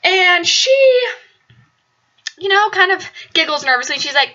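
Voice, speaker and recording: A woman's voice: measured pace, pauses often. A young woman casually telling a story about her apartment, acting out the quotes with big swings in her voice. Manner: animated, acts out quotes with big pitch jumps. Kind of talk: casual anecdote. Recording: dull lo-fi audio.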